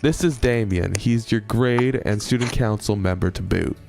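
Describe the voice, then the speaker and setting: A man's voice: on the low side, moderate pace, gravelly, darkish tone, soft background music. A man voicing a huge, friendly ox-horned monster chaplain with a Southern accent, genial and pastoral.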